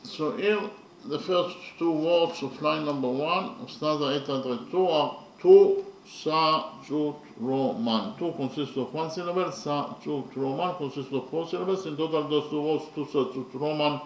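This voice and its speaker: A man teaching poetry in a slow, methodical lecture, counting syllables carefully and pausing often with fillers. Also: on the high side, echoey room, highs cut off, slight background noise.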